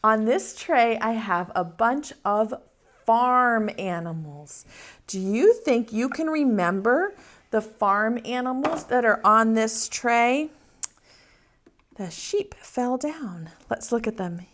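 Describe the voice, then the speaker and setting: A woman teaching an online preschool class in a slow, sing-song, encouraging voice, leading a song and a memory game. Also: a little high, lively intonation, fairly bright tone. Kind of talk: children's circle-time lesson.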